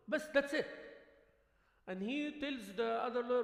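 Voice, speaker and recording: A high-pitched man preaches in a mosque hall, his voice ringing with long reverb. He talks in a loose, conversational way, acting out the voices of the people he talks about and slipping in Arabic words. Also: normal speed. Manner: animated, acts out quoted voices, sprinkles Arabic words. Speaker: imam. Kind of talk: conversational sermon. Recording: echoey hall livestream.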